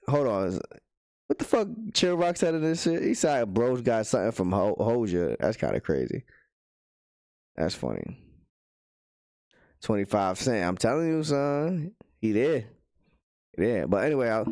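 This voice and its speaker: Slangy, animated man streaming live. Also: lowish voice, measured pace, pauses often, dry recording, clean studio sound. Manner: loose and slangy, laughing often, reacting to chat. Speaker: livestream host. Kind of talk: casual livestream chat.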